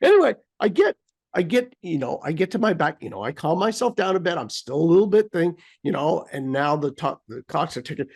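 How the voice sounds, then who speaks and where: A man's voice: on the high side, a little fast, vocal fry, husky. A man from the United States telling a story in casual chat, acting out sounds and his own frustration. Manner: animated, acts out beeps and his own frustration. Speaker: co-host.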